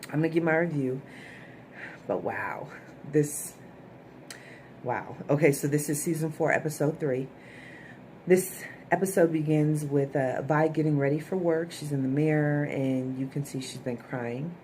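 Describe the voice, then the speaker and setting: Low-voiced woman recapping a TV episode. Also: fairly even intonation, moderate pace, mellow, slight background noise. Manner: chatty, with frequent "okay?" asides to viewers. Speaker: TV show reviewer.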